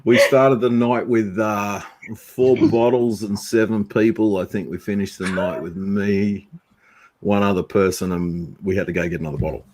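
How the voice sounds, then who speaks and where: A man's voice: fairly low pitch, fairly even intonation, normal speed, darkish tone. A man in a casual video call chat, blunt and opinionated.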